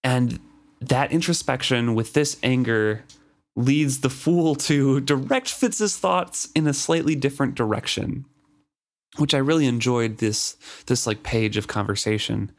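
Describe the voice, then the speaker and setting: A man's voice: medium pitch, a little slow. A man co-hosting a podcast, discussing a book in a thoughtful, hesitant manner. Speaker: podcast co-host.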